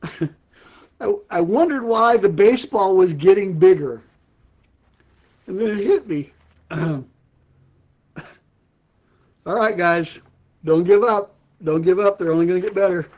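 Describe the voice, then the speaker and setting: A man's voice: sits high, unhurried, pauses often, darkish tone, lo-fi sound. Older man chuckling through corny puns. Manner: keeps breaking into laughter at his own jokes. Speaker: ministry host. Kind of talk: casual live-stream pun telling. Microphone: live-stream setup.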